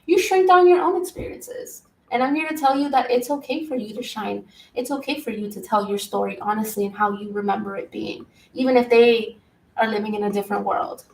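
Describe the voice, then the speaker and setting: A woman's voice: medium pitch, steady tone, a little fast, creaky, darkish tone, roomy sound, recorded from a distance, slight background noise, rough recording. A woman giving a live tarot reading from home, in a flowing spiritual way of talking. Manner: flowing spiritual talk, stops to scold her pets. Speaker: tarot reader. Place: home room.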